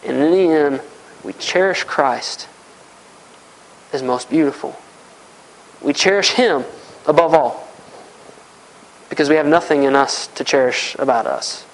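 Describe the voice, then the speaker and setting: A man's voice: a little high, measured pace, gravelly, pauses often, slight background noise, low-quality recording. A man preaching a sermon, earnest and repetitive, often voicing heartfelt prayers aloud.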